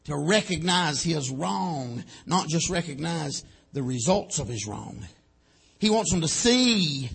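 A male preacher, giving a sermon, swinging from shouted lines to low quiet ones and saying amen often. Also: vocal fry, breathy edge.

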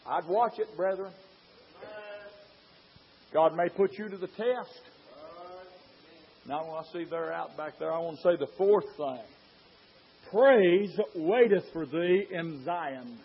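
Male preacher, high voice, fiery sermon delivery, muffled lo-fi church recording. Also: unhurried, gravelly, long pauses, slight background noise. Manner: fervent, rising to shouts; rhetorical questions to the congregation.

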